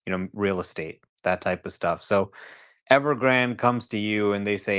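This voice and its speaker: A man speaking as a guest analyst in a casual podcast discussion, conversational and turning animated when he acts out a scenario. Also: fairly low pitch, normal speed, clear, resonant tone.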